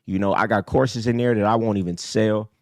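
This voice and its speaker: A streetwise host preaches hard during a casual livestream, his tone steady and his pace brisk. He swings from low mutters to high, emphatic bursts, and the mic sounds dry.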